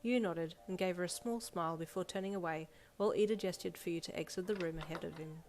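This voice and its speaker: A woman reading a second-person fanfiction story aloud in a steady storytelling manner. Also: fairly low pitch, fast talker. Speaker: fanfiction reader. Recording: soft music bed behind voice.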